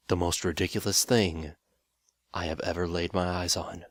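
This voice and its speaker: A man's voice: sits low, little pitch movement, moderate pace, dry recording, studio quality. A man giving a mock-dramatic, exasperated reading of a fan story, introducing it before he starts. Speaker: reader.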